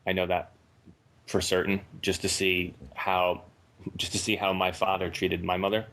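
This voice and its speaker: A man's voice: low voice, monotone, moderate pace, a bit bright. A man in his thirties calling in to a talk show, speaking hesitantly and anxiously with many fillers and restarts. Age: 30s. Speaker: caller. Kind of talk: halting phone conversation.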